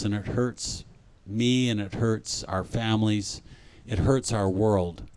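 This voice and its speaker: A man giving a spiritual talk at a conference, speaking gently and reflectively and often repeating his phrases. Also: mid-range voice, a little hiss or hum.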